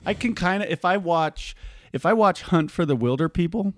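A man's voice: high-pitched, expressive, moderate pace, no echo. Dry-sounding male podcast host. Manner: rambling, with frequent restarts and asides. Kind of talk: casual chat. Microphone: studio microphone.

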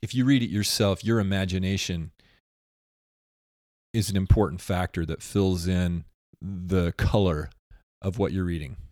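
A man's voice: sits low, unhurried, a little mellow, dry recording, clean studio sound. Wry, teasing podcast co-host man. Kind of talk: casual chat.

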